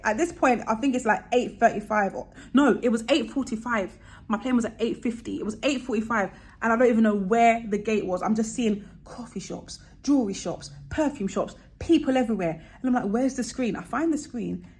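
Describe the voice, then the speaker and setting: A young woman vlogging, casually telling a travel story and acting out the voices of people she quotes with big jumps in pitch. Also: a little mellow.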